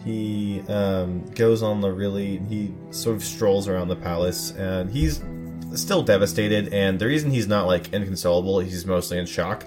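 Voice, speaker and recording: A man with a fairly low voice narrates a tabletop game as game master. He speaks in a relaxed, halting way, full of fillers. Faint music plays behind him. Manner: relaxed, hesitant with many fillers.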